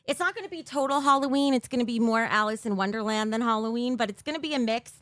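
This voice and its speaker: High-voiced chatty woman streamer. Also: quick pace, a bit bright, no room sound. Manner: chatty and giggly, talking to viewers in the chat. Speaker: live streamer. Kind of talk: casual live-stream chat. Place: her bedroom streaming room, indoors. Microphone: desk mic for streaming.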